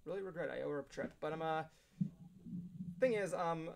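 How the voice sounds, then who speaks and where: A man with a slightly high, gravelly voice spins a long anecdote in loose, casual chat. He is animated, slips into little acted-out quotes, and breaks into laughter often. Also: brisk. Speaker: show regular telling a story.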